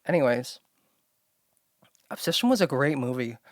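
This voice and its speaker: A woman's voice: a bass voice, expressive, normal speed, dry recording. Rambling young woman, dry close sound. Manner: rambling with constant "like", blunt and swearing. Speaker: solo podcast host. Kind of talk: casual talking-to-camera chat.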